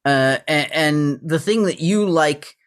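A man's voice: on the high side, takes it slowly, a bit bright. Man musing casually about songs. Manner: thinking aloud, searching for words. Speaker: podcast co-host. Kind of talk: casual chat about music.

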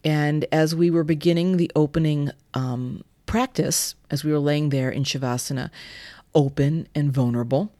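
A woman who runs a yoga studio, telling a story in an animated way on a podcast. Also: low voice, normal speed, dry recording. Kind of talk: casual storytelling chat.

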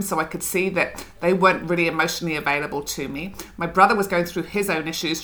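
Woman, middle-aged, from Scotland, podcast guest, frank storytelling, bright forceful tone. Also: lowish voice. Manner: reflective, frank, laughs through her story. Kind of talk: candid conversational storytelling.

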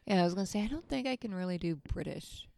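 Low, gravelly-voiced woman co-host. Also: lively intonation, fast talker, a little mellow, no room sound. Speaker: podcast co-host. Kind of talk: casual chat, reading song lyrics aloud.

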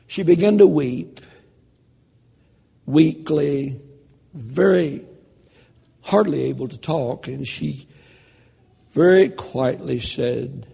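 An older man preaching a sermon, telling a story in a slow, dramatic delivery that drops to a hush. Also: a little high, vocal fry, breathy edge, big-room sound.

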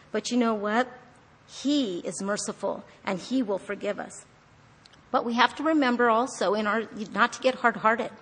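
A woman with a somewhat high voice gives a chatty, earnest devotional talk, often restarting her sentences as she teaches. She reads scripture verses between personal asides. Her voice trails off into a long reverb, as in a large hall. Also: breathy edge. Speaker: Bible study teacher.

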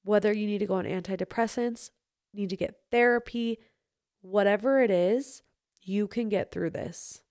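A young woman hosting a solo podcast, chatting casually with many likes and ums, softening into a gentle, consoling tone when things turn serious. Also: fairly low pitch, gravelly, no room sound, studio quality. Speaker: podcast host. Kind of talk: solo podcast chat answering listener messages.

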